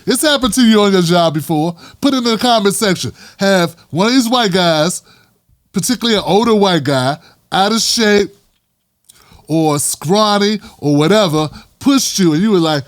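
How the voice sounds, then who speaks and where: A man delivers his own commentary in a high, lively voice that swings widely in pitch. He talks in an emphatic, street-casual way. The sound is dry and close. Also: moderate pace, dry recording. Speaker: host. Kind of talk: political commentary vlog.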